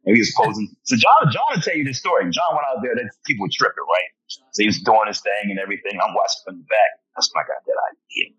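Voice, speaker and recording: Fairly low in pitch, slightly rough and a bit bright, this man speaks fast and animated. As a podcast interview guest, he tells stories, voicing others' lines and chuckling frequently, and the audio is dull and lo-fi.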